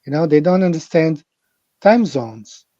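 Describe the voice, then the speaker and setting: Man host, live-stream chat, unhurried, repetitive, mellow voice, dry muffled audio. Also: a little high, expressive, no echo. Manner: rambling, repeats phrases, addresses viewers directly. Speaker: livestream host. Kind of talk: casual live-stream talk.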